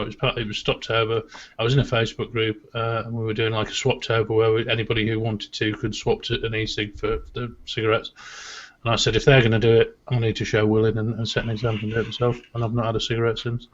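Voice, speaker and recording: Low flat-voiced man, dull audio. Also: fast talker. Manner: steady, reflective storytelling with restarts. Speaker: co-host. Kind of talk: casual chat. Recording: dull lo-fi sound.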